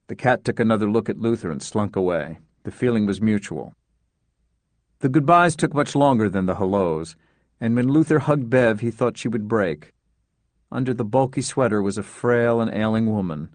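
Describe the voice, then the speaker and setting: A man with a low, slightly mellow voice reads an audiobook story in a measured, understated yet animated way. The recording is dry and close, with no room sound or echo.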